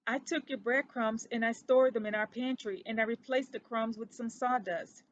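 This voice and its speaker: A woman doing a squeaky, remorseful little boy mouse. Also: steady tone, normal speed, close to an everyday voice. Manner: squeaky, tearful, apologetic.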